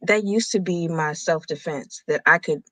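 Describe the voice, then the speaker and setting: A woman speaking as a guest in a casual chat, reflective and measured. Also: on the low side, fairly bright tone, no room sound.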